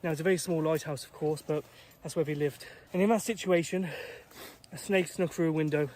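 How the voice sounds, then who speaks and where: A man's voice: on the high side, steady tone, brisk, darkish tone. A British man vlogging outdoors on a jungle island, muttering anxiously to himself and sometimes whispering. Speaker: travel vlogger. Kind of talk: vlog narration while trekking. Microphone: handheld camera or phone.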